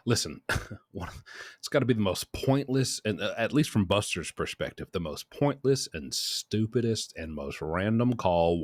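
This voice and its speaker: A man's voice: fairly low pitch, lively intonation, unhurried, dry recording, clean studio sound. A middle-aged man hosting a casual commentary video in a chatty way. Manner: chatty, shifts into quoted voices. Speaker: host.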